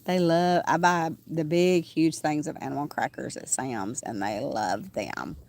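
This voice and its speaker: A woman's voice: sits low, a little slow, creaky, a little mellow. A woman, chatting casually on a livestream from outdoors on her small farm, rambling with frequent "um" fillers. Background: roosters crowing and farm animals.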